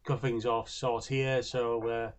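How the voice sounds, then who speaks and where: A man co-hosting a casual game playthrough, talking haltingly and repeating words. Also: medium pitch, little pitch movement, a crowd in the background. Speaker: let's play co-host.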